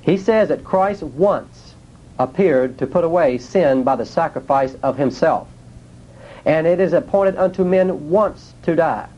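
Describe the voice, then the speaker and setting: A man's voice: on the high side, dark tone, highs cut off. A man teaching a sermon in a plain, folksy way, asking his listeners rhetorical questions. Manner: nonstandard grammar, folksy speech. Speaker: preacher.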